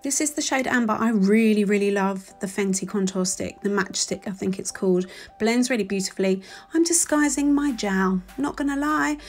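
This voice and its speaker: Chatty London woman in her forties. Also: medium pitch. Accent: London English. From England. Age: 40s. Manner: chatty, self-deprecating and gushing. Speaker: beauty vlogger. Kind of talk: makeup tutorial voice-over. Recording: faint music underneath.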